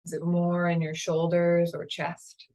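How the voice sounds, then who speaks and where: A woman yoga teacher leading a guided meditation in a slow, calm, soothing way. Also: lowish voice, rough recording. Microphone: camera mic, seated on a chair.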